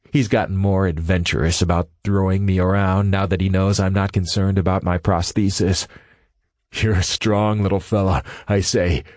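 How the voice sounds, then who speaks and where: A male audiobook narrator reads a first-person story steadily and in a measured way, his voice very low. The recording is close and dry, free of room sound.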